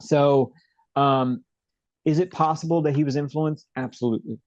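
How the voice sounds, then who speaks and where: A man's voice: a little high, fairly even intonation, normal speed, darkish tone, dry recording, muffled recording. A young man as an interview guest, telling a story in a rambling, casual way with many fillers and restarts.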